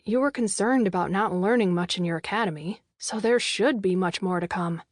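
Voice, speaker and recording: Woman voicing a gentle, insistent young boyfriend. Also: medium pitch, a little fast, no room sound, lightly acted. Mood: concerned. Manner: soft, concerned and probing. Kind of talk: audiobook character dialogue. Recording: dry studio voice-over.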